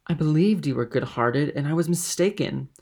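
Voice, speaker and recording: A man's voice: medium pitch, steady tone, normal speed, vocal fry, lightly acted. A man reading aloud and voicing a passionate, loyal young woman who speaks with raised emphasis. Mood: impassioned.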